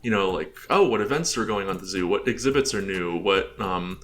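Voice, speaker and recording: A man's voice: sits low, expressive, fairly quick, a bit bright, faint music behind. An American man giving a casual, rambling walkthrough presentation, full of filler words and chuckles. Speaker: presenter showing his game build.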